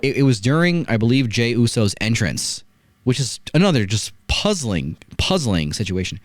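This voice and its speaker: Hosting a casual wrestling review, a man tells animated stories peppered with rhetorical "right?" asides. He speaks at a medium pitch and moderate pace, and the recording is dry.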